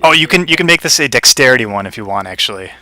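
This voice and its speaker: A man's voice: medium pitch, lively intonation, rapid-fire, sharp tone. A man running a tabletop game as game master, narrating and playfully teasing the players about their rolls.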